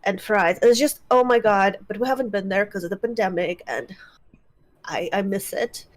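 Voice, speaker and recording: A woman co-hosting a live stream, chatting in an excitable, playful way. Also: mid-range voice, moderate pace. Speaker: stream co-host. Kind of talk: casual stream chat.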